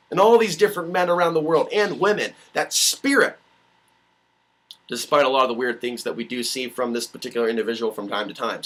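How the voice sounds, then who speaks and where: Male vlogger, slightly high voice, animated profane rant on a webcam mic. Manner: animated, swearing, mocking voices. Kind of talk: rambling solo vlog rant.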